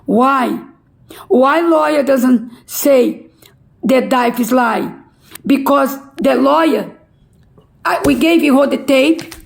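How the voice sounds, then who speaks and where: A middle-aged woman making an impassioned, pleading public appeal in halting non-native English. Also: high-pitched, vocal fry, low-quality recording. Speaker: relative pleading a court case.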